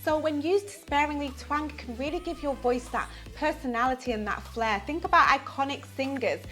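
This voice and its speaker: Bright, high-voiced woman vocal coach. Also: normal speed. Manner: enthusiastic, upbeat teaching. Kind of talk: online singing lesson.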